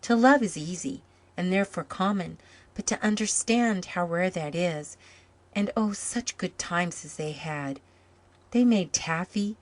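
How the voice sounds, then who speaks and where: A woman narrating a storybook in an even, measured way. Her voice sits on the low side and stays calm throughout. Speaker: story reader.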